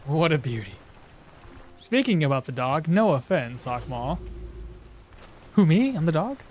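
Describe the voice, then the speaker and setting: Fields: Role: game streamer. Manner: lively, chatty. Pitch range: wide. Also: measured pace, a little hiss or hum. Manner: animated, chatty, talks to chat and coos at a pet. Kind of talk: casual live-stream chat while playing.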